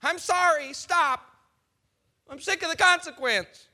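A preacher doing a whiny, pleading pharaoh. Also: male voice, animated, bright, forceful tone, heavily acted. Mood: whining. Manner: high, drawn-out pleading. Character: whiny, insincere pharaoh pleading for relief, grown man.

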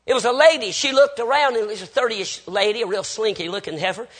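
A man's voice: sits high, quick pace. A Baptist preacher man, telling folksy anecdotes with quoted dialogue in a storytelling sermon.

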